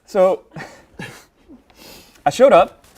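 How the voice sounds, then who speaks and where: Young man, student analyst, impromptu goodbye, emotional, near tears, slightly high pitch. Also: lively intonation, extremely slow, darkish tone, a little hiss or hum. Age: young adult. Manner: emotional, fighting back tears. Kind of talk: impromptu farewell speech.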